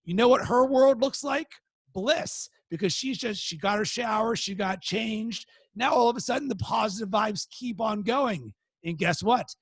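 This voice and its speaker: A man hosting a webinar, giving a motivational talk and telling a story lively, acting out quoted outbursts. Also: high voice, normal speed, gravelly, breathy edge, no echo. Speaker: webinar host.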